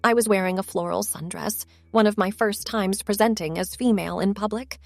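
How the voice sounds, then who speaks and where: A woman telling a first-person story in a soft, intimate narrating manner. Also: mid-range voice, brisk, creaky, dry recording, faint music behind.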